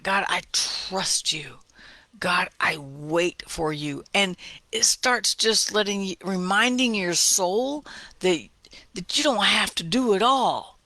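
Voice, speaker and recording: A woman giving a casual devotional Bible talk, conversational, often asking "right?" and sometimes slowing to a near-whisper for emphasis. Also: mid-range voice, pushed and bright, no room sound. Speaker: Bible teacher.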